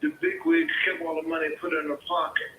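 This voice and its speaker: Angry profane caller from the Pittsburgh area, bright voice, echoey line. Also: male voice, a little high, sing-song, quick pace, slight background noise. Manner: profane, combative, repetitive. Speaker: caller, homeowner. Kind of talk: heated phone argument.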